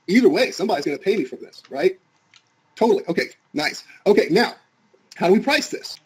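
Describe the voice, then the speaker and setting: A man's voice: a little high, darkish tone, husky, low-quality recording. A man teaching a live marketing seminar in a casual, salesy way, quizzing the audience as he goes. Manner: fast, casual, salesy, asks the audience questions. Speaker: marketing instructor.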